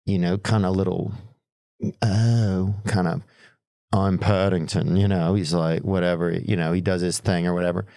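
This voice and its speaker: A man's voice: sits low, level tone, quick pace, vocal fry, hardly any pauses, warm tone, clean tone, no room sound, studio quality. A man doing loose, rambling stand-up comedy, swearing and laughing at his own bits.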